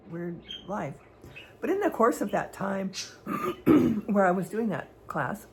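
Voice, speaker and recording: A woman's voice: medium pitch, slight background noise. A woman vlogger telling personal stories in a rambling, hesitant way, full of fillers and restarts. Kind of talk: candid personal storytelling.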